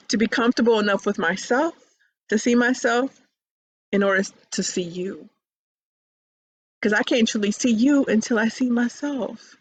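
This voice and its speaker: A woman's voice: on the high side, slight background noise. A woman talking casually and animatedly about personal growth, acting out little quotes and laughing often. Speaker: podcast guest speaker. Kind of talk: casual spiritual chat. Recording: dull lo-fi online call audio.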